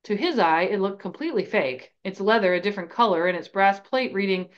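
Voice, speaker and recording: Here a woman hosting a podcast reads from a fan novel at a brisk clip, her mid-range voice keeping an even storytelling rhythm. The recording comes across slightly dull.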